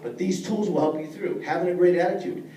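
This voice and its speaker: Speaking fast in a warm voice that sits high, this middle-aged man keeps his intonation fairly even as he teaches a leadership class. His manner is earnest and plain, and he talks straight to his listeners. There's echo from the room, a distant mic, and a little background noise.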